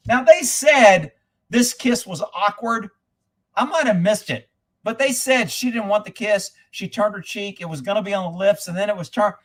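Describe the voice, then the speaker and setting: A man hosting a livestream of angry political commentary, profane and mocking, bursting into shouts and laughing in disbelief at clips. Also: high-pitched, normal speed. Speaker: livestream host.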